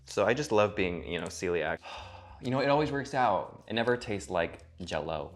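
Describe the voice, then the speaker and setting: A man's voice: fairly low pitch, lively intonation, normal speed, very noisy. Sarcastic, swearing man in a cooking vlog. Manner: sarcastic, profane, theatrical asides. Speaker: cooking vlogger. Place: home kitchen. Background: faint music.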